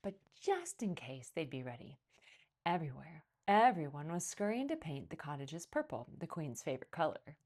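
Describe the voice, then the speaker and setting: A woman reading a picture book aloud as a children's librarian, telling the story expressively. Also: moderate pace. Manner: expressive storytelling, lively pitch.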